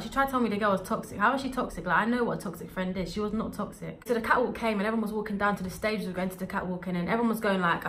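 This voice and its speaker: A young adult woman telling a storytime vlog in an animated, slangy way. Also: mid-range voice, slight background noise. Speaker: vlogger.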